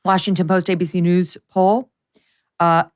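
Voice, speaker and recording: A middle-aged woman hosting a casual political chat, animated and wry, reading out poll numbers. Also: lowish voice, moderate pace, clear, resonant tone. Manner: animated, mocking voices while quoting. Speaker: podcast host.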